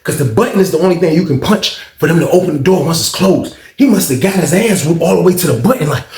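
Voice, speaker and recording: Gravelly man telling a profane story. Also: fairly high pitch, lively intonation, fast talker, darkish tone, soft background music. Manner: profane, slangy, repetitive, addresses viewers. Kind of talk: casual storytelling. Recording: roomy echo.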